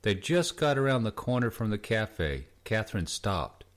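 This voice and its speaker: A man narrating an audiobook in a calm, steady reading voice. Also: lowish voice, normal speed. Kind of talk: scripted narration.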